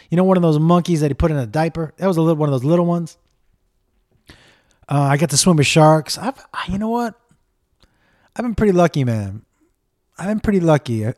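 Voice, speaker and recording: A middle-aged man hosting a casual comedy podcast, telling stories in an animated way, acting out the people he quotes, swearing often. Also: a little high. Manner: animated storytelling, acts out quotes, swears, talks to his dog.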